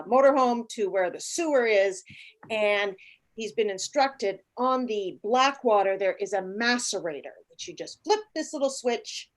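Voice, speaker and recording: A woman in her late fifties casually telling a travel story, animated, acting out the voices of the people in it. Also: mid-range voice. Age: 50s. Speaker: guest.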